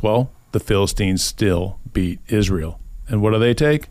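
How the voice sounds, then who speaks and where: This podcast host, a man with a fairly low voice and moderate pace, brings a scripture story to life casually, performing the characters' quoted voices with animation. There's no room sound in the recording.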